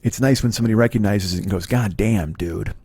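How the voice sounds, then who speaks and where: A man's voice: on the low side, fast talker, darkish tone, slightly rough, dry recording. A middle-aged man hosting a podcast, telling a rambling, profane, self-deprecating story with many restarts. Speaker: podcast host. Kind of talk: casual storytelling monologue.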